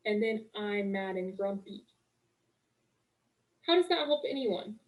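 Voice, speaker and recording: A woman's voice: mid-range voice, measured pace, pauses often, low-quality recording. Chatty upbeat woman coaching on a webinar. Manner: chatty, upbeat, full of "like" and "okay". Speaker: marriage coach. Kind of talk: live webinar coaching talk.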